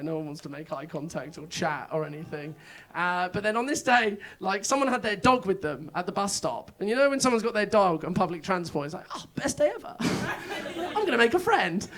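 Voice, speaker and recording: A man's voice: high-pitched, quick pace, a bit bright. A stand-up comedian, a man, telling rambling, self-mocking stories on a club stage. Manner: rambling, self-mocking storytelling with frequent laughs. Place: comedy club stage before a live audience. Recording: live room with crowd laughter. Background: audience laughter.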